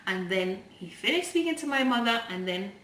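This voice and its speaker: A woman's voice: medium pitch, expressive, normal speed, fairly bright tone. A young adult woman telling a personal story on her vlog, chatty and digressive with many fillers and restarts. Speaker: vlogger. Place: indoor room, filmed by a helper. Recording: roomy and distant from the mic, faint background noise.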